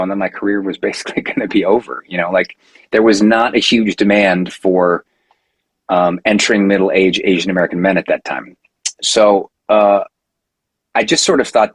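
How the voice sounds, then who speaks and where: Husky-voiced man telling a story. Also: lowish voice, dry recording, rough recording. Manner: animated storyteller, many fillers and restarts. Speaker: podcast guest, actor. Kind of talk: casual storytelling interview.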